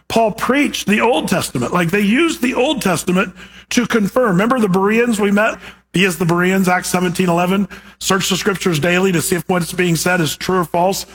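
A man's voice: sits high, a bit bright, breathy edge. A man preaching a sermon as a pastor, teaching in a conversational way with rhetorical questions.

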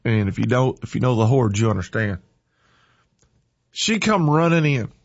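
A man's voice: medium pitch, lively intonation, moderate pace, vocal fry, no echo, lo-fi sound. A man speaking emotionally on air, fighting back tears as he talks in a fervent, folksy way. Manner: fervent, tearful, folksy and heartfelt. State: teary-eyed, crying.

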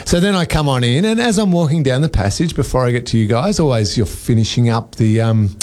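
A man's voice: mid-range voice, fairly quick, darkish tone. A man, a radio breakfast host, telling a rambling, self-mocking story in casual studio banter.

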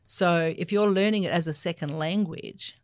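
An Australian woman, an Auslan interpreter, answering interview questions in an animated, explanatory way. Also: fairly low pitch, moderate pace, no room sound, studio quality. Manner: animated, explanatory, laughs easily.

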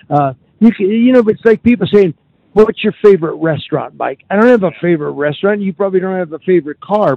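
A man's voice: sits high, no echo, muffled recording. A man hosting a radio talk show, chatting in a folksy, rambling way with frequent fillers. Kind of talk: casual radio chat. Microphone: studio microphone.

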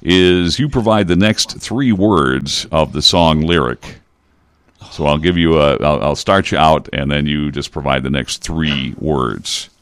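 A man's voice: extremely low pitch, measured pace, a bit bright, smooth, dry recording. A man hosting a song lyric quiz, teasing his guest with dry wit in casual banter.

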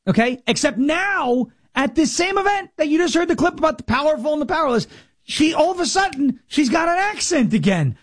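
A man's voice: very high voice, very animated, a little fast, no echo, clean studio sound. A man hosting a talk show, mocking and sarcastic as he comments on played clips.

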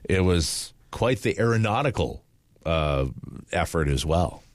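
A male morning radio host rambles through the news with plenty of fillers and restarts. His voice sits very low yet swings widely in pitch. The studio sound is dry and close. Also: animated, measured pace, no echo. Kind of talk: casual morning radio chat. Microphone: studio microphone.

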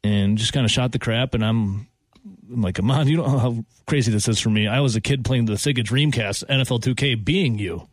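A man, hosting a sports talk show and telling stories with lively acted-out quotes and frequent laughter. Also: medium pitch, a little fast, slightly rough, no echo. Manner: animated storyteller, acts out quotes, laughs often. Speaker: radio host. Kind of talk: casual sports talk banter.

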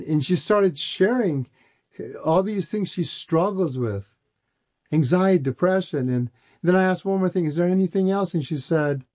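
A man preaching a sermon, with a warm and mellow voice pitched a little high. He tells a testimony in a storytelling way and restarts his words as he gets going. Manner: storytelling, repeats words when excited.

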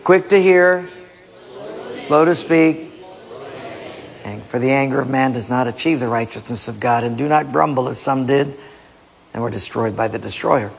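A man preaching a sermon in an animated way, quoting scripture and acting out small scenes. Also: mid-range voice, moderate pace, vocal fry, pauses often. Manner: animated, acts out voices, quotes scripture. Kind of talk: sermon with acted skits. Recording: long reverb of a large hall.

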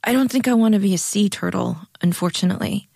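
A woman reading the part of a soft-spoken, apologetic woman who speaks hesitantly and pleads. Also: mid-range voice, quick pace, gravelly, no room sound, studio quality. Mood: wistful.

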